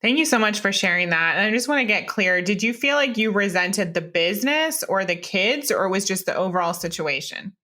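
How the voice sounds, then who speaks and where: A woman hosting a podcast thanks her guest and asks a gentle clarifying question. Her voice is bright and forward, at a middle pitch. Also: lively intonation, a little fast, hardly any pauses. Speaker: podcast host. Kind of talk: interview questions.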